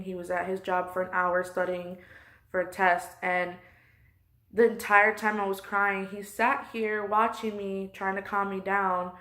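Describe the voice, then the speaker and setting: A woman's voice: mid-range voice, sharp tone. A woman close to tears, venting her frustration in a personal vlog from her couch at home. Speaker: vlogger.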